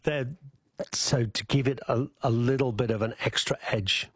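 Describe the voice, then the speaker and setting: Husky Scouse man talking cooking. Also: mid-range voice, fairly even intonation, a bit bright, dry recording, studio quality. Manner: halting, many fillers and restarts. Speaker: chef guest. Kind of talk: casual cooking chat on radio.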